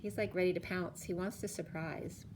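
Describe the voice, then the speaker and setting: Woman, card reader, chatty and giggly, slightly low voice. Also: fairly even intonation, normal speed, background noise. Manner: chatty, laughs often, emotional asides. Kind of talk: casual spoken card reading.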